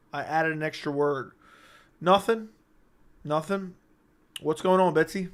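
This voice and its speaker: A man's voice: fairly high pitch, a little slow, long pauses. A young man hosting a late-night casual livestream, bantering with his chat in a brash, profane, joking way. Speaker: livestream host.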